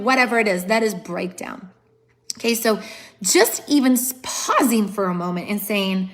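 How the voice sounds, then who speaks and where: A woman's voice: mid-range voice, normal speed. A woman giving an earnest, emphatic motivational talk on a phone livestream, often repeating phrases for stress. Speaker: motivational speaker. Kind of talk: live-streamed motivational talk.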